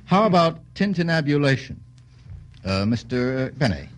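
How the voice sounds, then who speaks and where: A man hosting a vintage radio quiz show, brisk and jovial, tossing out quips between questions. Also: mid-range voice, big pitch swings.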